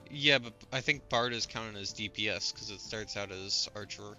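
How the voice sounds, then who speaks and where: A man's voice: on the low side, normal speed, sharp tone, faint music behind. A man streaming a game, chatting casually and explaining details in a pedantic, pun-loving way. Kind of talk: casual gameplay commentary.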